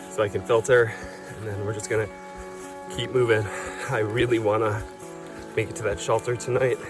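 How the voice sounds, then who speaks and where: A tired man with a lowish voice talks to a handheld camera out on a wooded trail, wry and chatty as he walks. Music plays clearly behind him. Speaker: hiking vlogger. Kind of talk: casual trail vlog. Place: outdoors on a forest trail.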